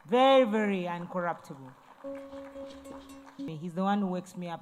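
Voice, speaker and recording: A woman's voice: lowish voice, moderate pace, long pauses, a little mellow. Woman giving an awards speech. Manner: preachy storytelling with Bible tales, repeats herself. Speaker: guest speaker, government minister. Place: large event hall.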